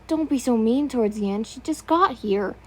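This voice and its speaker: A woman playing a gentle, protective young man. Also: on the high side, expressive, moderate pace.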